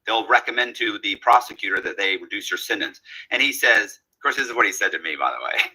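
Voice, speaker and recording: A man's voice: lowish voice, fast, slightly rough, low-quality recording. A man telling a long story in a casual way, acting out the lines of the people in it. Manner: animated, acts out quoted dialogue.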